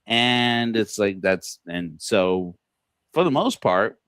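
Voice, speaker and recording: Low-voiced rambling man on a livestream. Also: animated, takes it slowly, fairly bright tone, clean tone, no echo. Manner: rambling, many fillers and restarts, chuckles often; quotes people in put-on voices. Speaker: podcast host. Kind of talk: casual livestream monologue.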